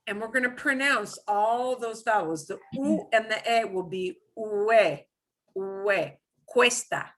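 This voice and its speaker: A woman's voice: fairly high pitch, moderate pace, few pauses, fairly bright tone. A woman teaching a beginner Spanish class, patiently explaining sounds step by step and repeating words for students to echo. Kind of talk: beginner language lesson.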